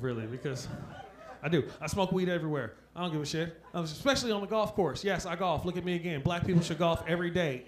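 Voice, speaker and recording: A man performing stand-up comedy with punchy, profane delivery, laughing at his own lines. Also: high voice. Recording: noisy live recording.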